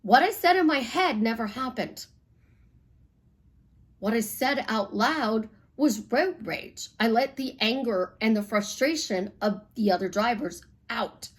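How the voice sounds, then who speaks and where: High-voiced blunt woman life coach. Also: a little slow. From Chicago. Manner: blunt, animated storytelling with swearing. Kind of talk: casual monologue.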